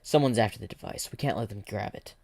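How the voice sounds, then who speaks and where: A man's voice: lowish voice, quick pace, vocal fry, a little mellow. A man voicing a chipper male clockman agent. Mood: cheery.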